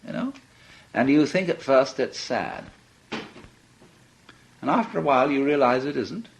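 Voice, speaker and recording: A man's voice: medium pitch, animated, a little slow, vocal fry, a little hiss or hum. A man giving a reflective philosophy talk, musing and playful, often laughing as he speaks. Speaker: philosophy lecturer. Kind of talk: reflective archival lecture.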